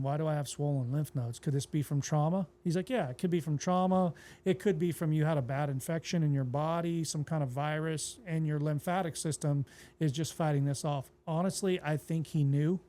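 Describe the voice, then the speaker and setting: Mellow-voiced pastor telling his story. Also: a little high, brisk. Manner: relaxed, plainspoken retelling that acts out quoted dialogue. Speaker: pastor and podcast guest. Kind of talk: casual interview storytelling.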